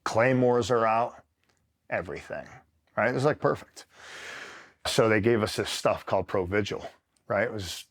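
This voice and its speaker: A middle-aged retired Marine from New York State telling a war story in casual, profane talk, full of "like" and "right?". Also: male voice, on the low side. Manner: profane, rambling, filler-heavy with frequent "right?".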